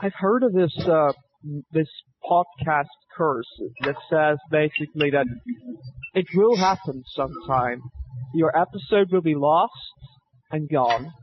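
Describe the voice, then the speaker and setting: A man co-hosting a casual banter podcast, rambling and self-mocking, on dull lo-fi audio. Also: on the high side. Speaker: podcast co-host. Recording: dull lo-fi stream audio with faint noise.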